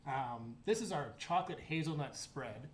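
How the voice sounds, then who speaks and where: A man who makes chocolate, chatting in an interview, relaxed and joking, with many fillers and restarts. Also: a little high, moderate pace. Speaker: chocolate maker. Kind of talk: casual interview. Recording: echoey room with faint noise.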